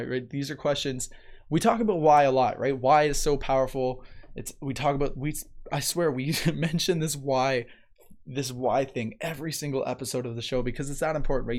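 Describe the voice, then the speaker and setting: Chatty, easygoing motivational host. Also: male voice, medium pitch. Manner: relaxed, chatty, frequent "right?" and light laughs. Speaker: host of a motivational live show. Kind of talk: casual live-stream talk, reading viewer comments.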